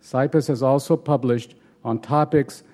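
A man's voice: mid-range voice, steady tone, unhurried, a little mellow. A man moderating an academic panel, formally introducing the next speaker from a prepared biography.

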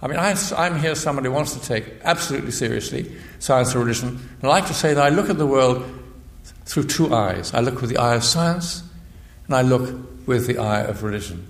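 An older man, a physicist and priest, giving a measured public lecture that explains things step by step. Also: medium pitch, lively intonation. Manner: measured, explanatory, with frequent restarts. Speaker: guest speaker, physicist and priest. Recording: echoey lecture hall.

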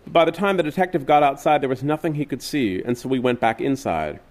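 A man reading literary fiction aloud in a measured, wistful way. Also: mid-range voice, expressive, a little mellow. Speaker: reader.

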